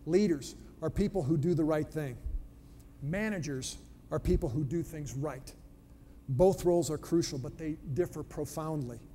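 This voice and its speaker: Man, motivational speaker, mellow voice, punchy storyteller, reverberant hall. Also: fairly high pitch. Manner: storytelling, punchy emphatic delivery. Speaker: speaker on leadership. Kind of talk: motivational talk with fable. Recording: long hall reverb, faint background noise.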